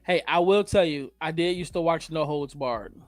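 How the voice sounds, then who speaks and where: A man's voice: fairly high pitch, normal speed, no echo, soft background music. A man co-hosting a casual chat, making dry jokes and teasing. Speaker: co-host.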